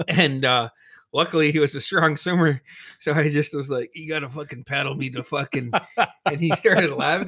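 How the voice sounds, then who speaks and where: A man's voice: a little high, normal speed, fairly bright tone, no echo, studio quality. Profane storytelling man, laughing often. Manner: profane, laughing, acts out friends' voices. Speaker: podcast co-host. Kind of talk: casual storytelling chat.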